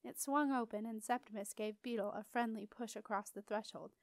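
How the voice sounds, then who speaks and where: Woman reading an expressive audiobook. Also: a little high, brisk, no echo. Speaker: audiobook reader. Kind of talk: storybook narration.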